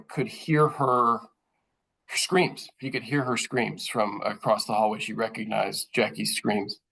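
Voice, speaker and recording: A man's voice: mid-range voice, rough recording. A man, a journalist giving a thoughtful, earnest presentation to other journalists, with frequent fillers and restarts. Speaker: journalist speaking at a training session.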